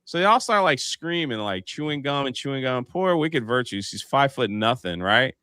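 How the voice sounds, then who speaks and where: A man's voice: mid-range voice, moderate pace, smooth, no echo, clean studio sound. A man hosting a casual live panel show, telling a story and acting out the voices in it. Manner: animated, acts out the voices in his anecdotes.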